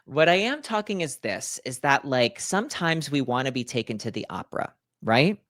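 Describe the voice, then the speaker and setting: A man in his thirties co-hosting a podcast, telling stories in an animated, playful way with acted-out asides. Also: medium pitch, normal speed, no room sound, clean studio sound. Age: 30s. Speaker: podcast co-host. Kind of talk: casual chat.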